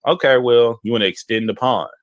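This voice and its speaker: A man from Houston, Texas, co-hosting a casual chat and telling animated, rambling anecdotes, often checking in with "okay?". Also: medium pitch, a little fast, no echo. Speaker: podcast co-host.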